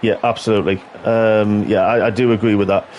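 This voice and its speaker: A man's voice: lowish voice, little pitch movement, brisk, muffled recording. Guy co-hosting a live stream, lots of uhs and ums, faint hiss behind. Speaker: co-host of league stream. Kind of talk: live stream chat commentary.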